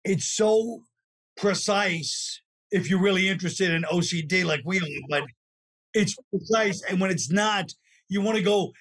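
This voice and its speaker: A man's voice: high-pitched, unhurried, fairly bright tone. A man, chatting as a comedian guest, wry and rambling, often trailing off mid-sentence. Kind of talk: casual podcast chat.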